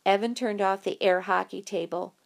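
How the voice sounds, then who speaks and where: A woman narrating an audiobook in a lively, expressive storytelling way. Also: medium pitch, moderate pace, gravelly.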